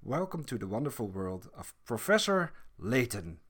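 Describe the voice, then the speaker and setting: Lively man chatting about games. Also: mid-range voice, normal speed, husky. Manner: animated, laughs often, many restarts. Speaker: podcast co-host. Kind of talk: casual chat about video games.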